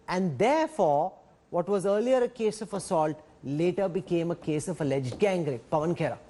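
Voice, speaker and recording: High-voiced man anchoring a TV debate. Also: lively intonation, moderate pace, mellow. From India. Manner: firm, pointed questioning. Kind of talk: moderating a TV debate.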